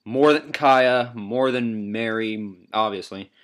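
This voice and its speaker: A man's voice: mid-range voice, slow. Rambling man counting down anime moments. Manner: rambling, filler-heavy, swears casually. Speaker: anime vlogger ranking moments. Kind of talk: casual countdown commentary.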